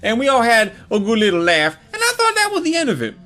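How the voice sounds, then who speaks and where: A man's voice: extremely high pitch, huge pitch swings, fast talker, pushed and bright. A man telling a crude comedic story from his childhood, with a mocking, punchline-driven delivery.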